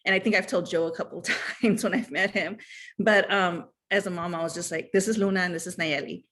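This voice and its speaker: A woman in her thirties or forties telling a personal story in a chatty, animated way, full of fillers and asides. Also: lowish voice, fairly quick. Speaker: guest sharing fan memories. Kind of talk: casual storytelling chat.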